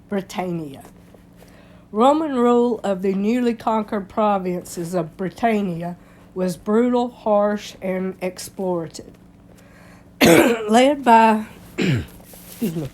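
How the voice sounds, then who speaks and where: A woman hosting a history channel with a stuffy, congested nose, reading an article aloud haltingly, with slips and throat clearing. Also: medium pitch, darkish tone.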